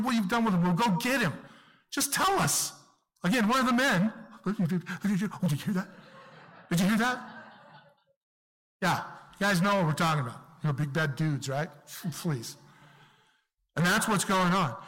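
Emphatic high-voiced male preacher in a hall. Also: fairly bright tone. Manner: emphatic, slows to stress key points, acts out quotes. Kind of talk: sermon.

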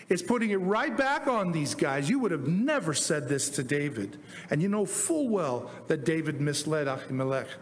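A man preaching a casual sermon, retelling scripture stories in a chatty way and acting out the dialogue in slang. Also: fairly high pitch. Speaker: pastor. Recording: long hall reverb.

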